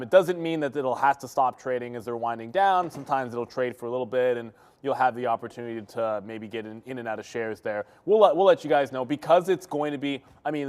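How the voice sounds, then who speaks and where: A man's voice: mid-range voice, darkish tone. Matter-of-fact man co-hosting a trading stream. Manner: matter-of-fact, explains market details. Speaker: day trading show co-host. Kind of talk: casual live trading chat. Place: trading floor studio.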